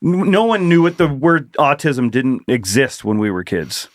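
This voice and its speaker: A man's voice: medium pitch, normal speed, no echo, studio quality. A middle-aged man co-hosting a podcast, chatting casually, rambling and swearing freely as he reads emails and riffs. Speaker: podcast co-host. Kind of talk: casual chat.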